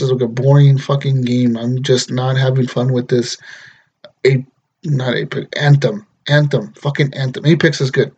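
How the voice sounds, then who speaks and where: A young man runs a solo gaming podcast, ranting, joking and swearing a lot in an exasperated tone. His mid-range voice is darkish and slightly rough, and the audio sounds dull.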